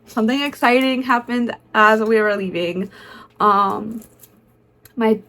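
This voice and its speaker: A woman narrating a casual vlog in a chatty, excitable way, full of fillers like "um" and "like.". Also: on the high side, slow. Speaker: concert vlogger.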